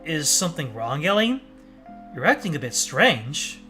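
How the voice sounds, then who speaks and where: A man's voice: fairly high pitch, big pitch swings, a little slow, bright, forceful tone, heavily acted. A man reading an earnest young prince. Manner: earnest and polite. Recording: faint game music behind.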